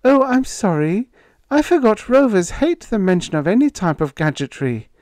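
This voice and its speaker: Man voicing a high, earnest young woman. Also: sing-song, moderate pace, darkish tone, dry recording.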